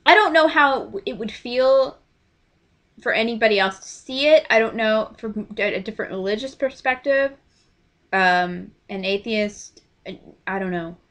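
A woman in her twenties telling a story in a casual vlog, animated and emotional as she acts out quoted lines. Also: a little high, measured pace. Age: 20s. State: choked up. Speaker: vlogger.

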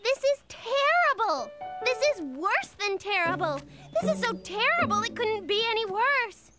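Fretful cartoon duck, very high, swooping, slow and theatrical. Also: female voice, animated, over loud music. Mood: despairing. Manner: dramatic, fretful. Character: fussy female cartoon duck, easily flustered.

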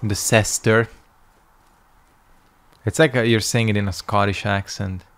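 A man's voice: fairly low pitch, steady tone, fairly quick, a bit bright, clear, resonant tone. A young man casually commenting on a game he is playing, muttering to himself and swearing. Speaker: gaming streamer.

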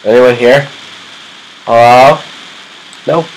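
A young man casually commenting on his own gameplay, yelping and shouting at enemies, then muttering quietly between fights. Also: mid-range voice, slow pace, creaky, low-quality recording. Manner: excitable, yelps and screams at enemies. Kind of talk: casual let's-play commentary.

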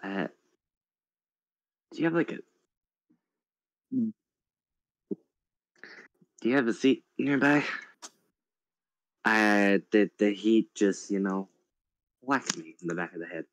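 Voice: low-pitched, a little slow, long pauses, no room sound, low-quality recording. A player in a tabletop role-playing game, talking in a playful, hesitant way.

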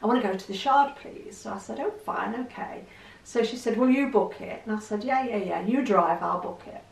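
A middle-aged woman talks candidly to the camera and pokes fun at herself. Her voice has a gravelly rasp, and she sounds a little distant in an echoey room. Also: mid-range voice, a little fast. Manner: chatty, candid, self-deprecating. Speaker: vlogger. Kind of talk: casual chat to camera.

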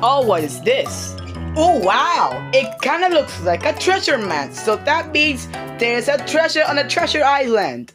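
A woman hosting a homemade kids' show, talking excitedly straight to the children watching. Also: sits high, unhurried, over music. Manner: excited, talks straight to the kids.

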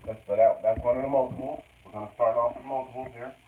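A man's voice: medium pitch, steady tone, fast. A man co-hosting a casual live stream, bantering in a jokey, upbeat way while he opens mail. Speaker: co-host opening mail. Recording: tinny phone-like sound with loud noise.

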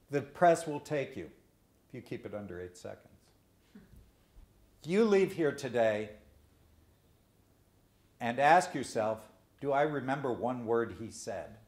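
Slow, deliberate man lecturing in an echoey room. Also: mid-range voice. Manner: deliberate storytelling with jokes. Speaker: guest speaker. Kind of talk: lecture to students. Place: lecture hall.

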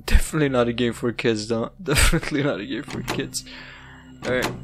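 A man's voice: medium pitch, fairly quick. A young man, a gaming YouTuber giving rambling, swearing let's-play commentary while he plays. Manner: rambling, swearing, laughing at the game.

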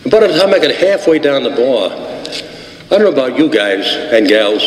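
A man's voice: mid-range voice, sing-song, normal speed. Old brooklyn guy rambling through a story at a meeting, lots of ums, echoey hall, faint hum. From Brooklyn, New York. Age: 80s. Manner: rambling and wry, with many fillers and restarts. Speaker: recovery meeting speaker. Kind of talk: storytelling talk to an audience.

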